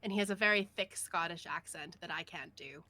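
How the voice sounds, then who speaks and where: Woman game master narrating a tabletop scene, bright, lively. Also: lowish voice, fairly quick, dry recording. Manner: lively, descriptive.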